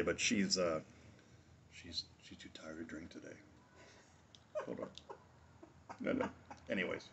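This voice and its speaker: A man with a fairly low voice hosts a relaxed tasting review. He wanders off on asides and cracks jokes as he goes. A faint hum of noise sits under his voice. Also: muffled recording. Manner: rambling and jokey, with asides and chuckles. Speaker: host of a drinks review show.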